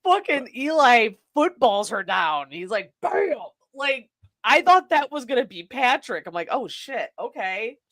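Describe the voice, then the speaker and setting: A woman's voice: a little high, very animated, moderate pace, a bit bright, dry recording, clean studio sound. A woman co-hosting a podcast, retelling a movie plot in casual, profane chat and laughing often. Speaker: podcast co-host.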